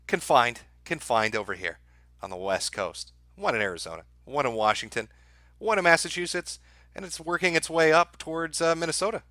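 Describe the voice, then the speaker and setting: A man's voice: medium pitch, no room sound, studio quality. A man hosting a livestream, giving profane, darkly joking commentary to his chat. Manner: sardonic, profane, dark-humored. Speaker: livestream host.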